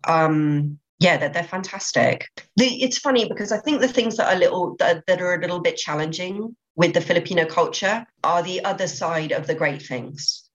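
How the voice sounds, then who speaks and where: Casual: low-pitched woman on a podcast, eager, keeps restarting her words, kinda dull lo-fi sound. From England. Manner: enthusiastic, many restarts and repeated words. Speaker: podcast guest, business owner. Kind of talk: podcast interview. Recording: slightly dull lo-fi audio.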